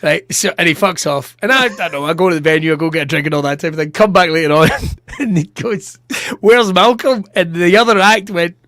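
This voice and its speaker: Comic host, higher-pitched, animated sweary raconteur, dry booth sound. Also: male voice, fast, few pauses, dry recording. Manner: animated, swearing, laughs through his stories. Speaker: comedian podcast host. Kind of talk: casual storytelling chat.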